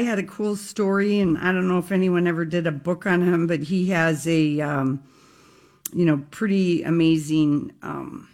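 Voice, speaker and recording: A woman from the co-hosting a radio talk show, rambling casually with plenty of ums. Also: lowish voice. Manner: rambling, with many ums and uhs. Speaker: radio co-host.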